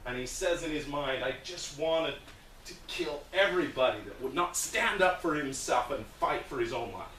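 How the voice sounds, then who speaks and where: A group hears a man's plain, earnest stories about a volunteer food project, which he shares as a guest speaker with some hesitations. He speaks at normal speed in a higher, slightly bright voice with lively intonation, recorded roomily from a distant mic with a little hiss or hum.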